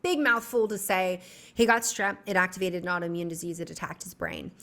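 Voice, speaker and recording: A woman doctor and author, a guest in a casual podcast conversation, speaking as a chatty storyteller with quick asides. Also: on the low side, animated, fairly bright tone.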